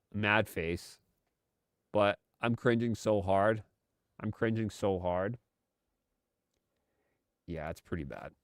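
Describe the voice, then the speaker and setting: A man's voice: fairly low pitch, clear, resonant tone, no echo, studio quality. A man hosting a live commentary stream, talking in a sarcastic, exasperated way. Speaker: streamer host.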